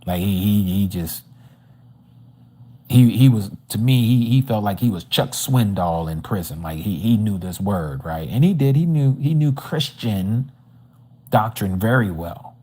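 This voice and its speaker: A man's voice: fairly low pitch, a little slow, mellow, slightly rough. A man giving a personal testimony at a religious study, telling his story animatedly and acting out the dialogue. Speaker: Bible study teacher. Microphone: livestream microphone.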